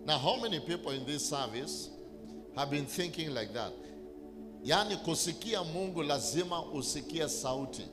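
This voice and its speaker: A man's voice: a little high, expressive, normal speed. Man, bishop's sermon, call-and-response, long church-hall reverb, music underneath. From Kenya. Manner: emphatic, repetitive call-and-response preaching. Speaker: bishop preaching.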